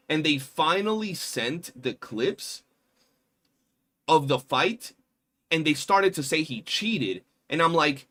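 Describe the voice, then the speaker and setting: A man streaming live, telling stories in a casual, animated and profane way. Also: fairly high pitch, normal speed. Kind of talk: casual livestream chat.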